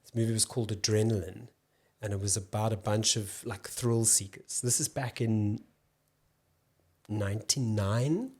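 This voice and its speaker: Podcast guest: man, forties, low-pitched, relaxed and rambling. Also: measured pace. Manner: relaxed, rambling, self-interrupting. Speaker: podcast guest, actor and comedian. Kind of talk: casual storytelling chat.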